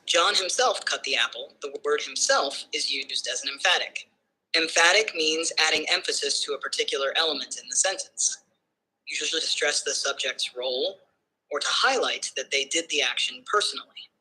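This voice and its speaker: A male-sounding synthetic voice assistant explains in a measured, even flow. Its tone is very bright, with a breathy edge, and sits a little high for a man. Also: rough recording. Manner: smooth, measured, evenly paced explaining. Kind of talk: explanatory answers.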